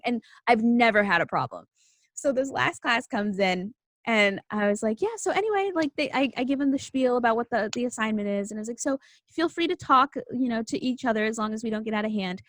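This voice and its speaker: A young woman with a slightly high voice hosts a casual podcast, spinning stories with animated energy and acting out every character. Her talk is loose and full of "like". The sound is close and dry. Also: fairly quick, dry recording. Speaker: podcast host. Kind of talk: casual storytelling chat.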